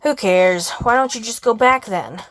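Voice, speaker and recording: A woman's voice: on the high side, unhurried. A woman voicing a cold, curt young male pianist, speaking in a sleepy, irritated way.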